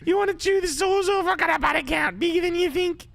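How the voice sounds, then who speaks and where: A man voicing a giddy young woman swooning, in a shrill falsetto. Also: fast, gravelly, fairly bright tone, heavily acted.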